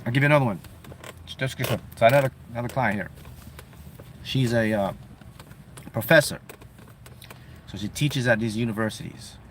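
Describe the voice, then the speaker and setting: Male coach, motivational delivery, mid pitch, light traffic noise behind. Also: moderate pace, pauses often. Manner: animated, acts out clients' voices. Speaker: manifestation coach. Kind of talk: motivational talk to camera.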